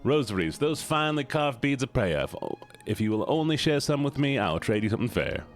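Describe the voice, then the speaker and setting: A man's voice: medium pitch, sing-song, fairly quick, voice pushed up. A man voicing an old bug pilgrim merchant with a put-on Southern US drawl, reading game dialogue aloud. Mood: coaxing.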